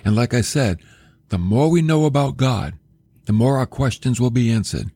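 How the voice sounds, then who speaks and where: A man teaching a sermon-style Bible lesson for a podcast, animated, often asking the listener questions and acting out quoted voices. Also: mid-range voice, moderate pace, no room sound, clean studio sound. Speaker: podcast preacher.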